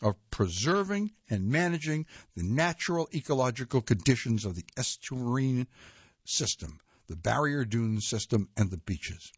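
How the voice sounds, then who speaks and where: Husky man reading nonfiction aloud, lively pitch. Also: no room sound. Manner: measured reading with occasional slips and self-corrections. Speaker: reader. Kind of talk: read-aloud nonfiction narration. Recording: dull lo-fi dry recording.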